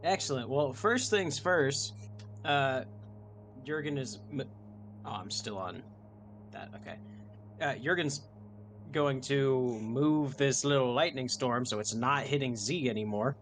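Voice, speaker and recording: A young man plays a tabletop game and thinks out loud, full of ums and restarts as he weighs his moves in casual chat. His voice is medium-pitched, unhurried, and a bit bright, with a slight hiss or hum in the background.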